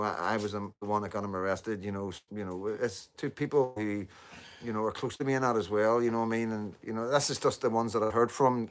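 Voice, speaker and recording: Rambling Northern Irish man live-streaming. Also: on the low side. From Northern Ireland. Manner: rambling, repetitive fillers, occasional swearing. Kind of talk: casual live stream monologue.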